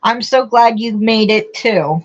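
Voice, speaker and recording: A woman's voice: on the high side, a little slow. A middle-aged woman hosting a casual craft livestream, chatting with viewers and reading out their comments in an emotional, affectionate way. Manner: warm, emotional, talks to viewers as honey. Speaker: livestream host. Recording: dull lo-fi stream audio.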